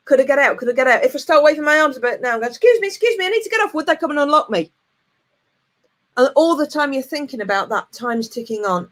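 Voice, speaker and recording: A woman in her forties talks straight to camera as a motivational coach. Her voice sits a little high, and she tells a personal story in a lively, frank, plain-spoken way. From United Kingdom. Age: 40s.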